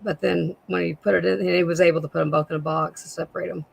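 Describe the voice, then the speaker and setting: A woman with a raspy voice, a guest seller chatting casually on a live sale and describing jewelry pieces. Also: fairly low pitch, level tone, fast, poor audio.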